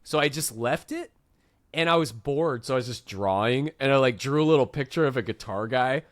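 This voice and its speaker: A man's voice: mid-range voice, fairly quick, no echo, clean studio sound. A man hosting a casual podcast, telling a story animatedly and laughing often while acting out other people's lines. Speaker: podcast host and touring musician.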